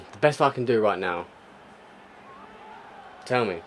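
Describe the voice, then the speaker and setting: Speaking slowly in a lowish voice with lively intonation, a young gaming YouTuber commentates live on his football game; a faint hiss or hum is present. He alternates frustrated muttering with sudden exclamations.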